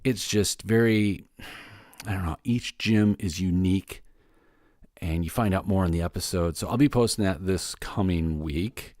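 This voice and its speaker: Male podcast host, lowish voice, dry close sound, casual rambling solo update. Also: moderate pace, darkish tone, dry recording. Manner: loose and rambling, many fillers and restarts.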